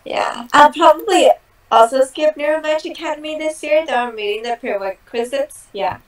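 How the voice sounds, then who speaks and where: A bubbly young woman talking in a lab meeting, her voice a bit high. She speaks with a lot of fillers and keeps laughing. She sounds a little off from her mic. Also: moderate pace, far from the mic, rough recording. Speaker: lab member. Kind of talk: casual meeting chat.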